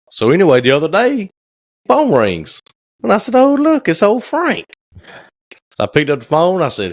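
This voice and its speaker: A man's voice: fairly low pitch, no echo, clean studio sound. Folksy man telling a story. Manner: folksy storyteller, acts out phone calls. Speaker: podcast co-host, cabinet maker. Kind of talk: casual chat.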